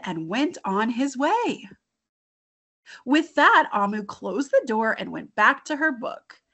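A woman hosting a library story time, reading a picture book aloud to children in an expressive, encouraging way. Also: fairly high pitch.

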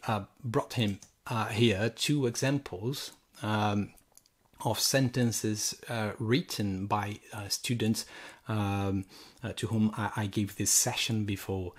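Slow, husky-voiced male lecturer. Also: lowish voice. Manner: slow and halting, many fillers and restarts. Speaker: university language lecturer. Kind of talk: recorded sample lecture.

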